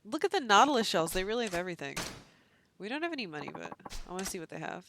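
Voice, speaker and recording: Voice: medium pitch, very animated, rapid-fire, gravelly, a bit bright, slight background noise. A game streamer giving casual, self-mocking commentary and reading menus aloud while playing. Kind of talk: casual let's-play commentary.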